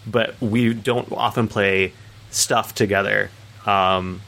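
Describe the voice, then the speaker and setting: A young man co-hosting a podcast, chatting in a relaxed, rambling way with many fillers. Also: lowish voice, slow, gravelly. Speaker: podcast co-host. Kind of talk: casual chat.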